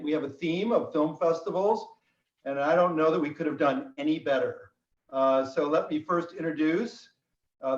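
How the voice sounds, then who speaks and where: A man hosting a virtual roundtable over a video call, halting with many fillers and telling dry jokes. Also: on the high side. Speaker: host. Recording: echoey room, far from mic, dull sound.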